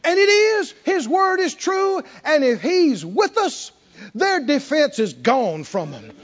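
A man voicing a bold older male believer who rallies a frightened crowd with excited, emphatic calls. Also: very high-pitched, drawn-out words, vocal fry, in a large hall, pitched above the performer's own voice, exaggerated voice. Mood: rousing. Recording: dull lo-fi recording.

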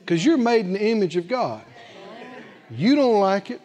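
A male preacher delivering a sermon in an animated way, chuckling often and stretching words for emphasis. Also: high voice, moderate pace, highs cut off.

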